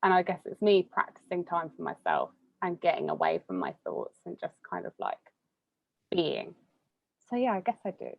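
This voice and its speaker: A young woman, chatting casually as an interviewee, full of fillers and quick laughs. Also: fairly low pitch, wildly swooping pitch, gravelly, highs cut off. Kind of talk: casual conversation.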